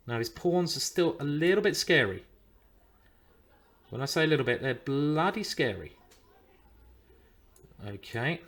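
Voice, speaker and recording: A man's voice: fairly high pitch, animated, unhurried, pauses often, fairly bright tone. A man streaming live chess, thinking aloud about his moves and swearing and groaning when things go wrong.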